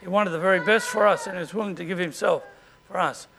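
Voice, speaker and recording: An Australian man preaching a sermon as pastor, in a conversational way and often clearing his throat. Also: high voice, fairly even intonation, fast talker, noisy background.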